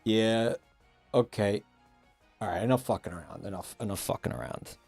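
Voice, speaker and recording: A man's voice: on the low side, moderate pace, vocal fry, a little mellow, breathy edge, no echo, soft background music. A man streaming live and chatting casually, joking around and swearing freely.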